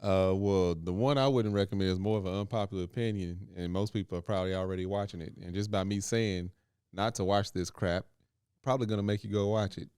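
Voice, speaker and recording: A man co-hosting a casual podcast, animated and prone to rising into rants. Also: low voice, fast talker, clear, resonant tone, no room sound, clean studio sound. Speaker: podcast co-host.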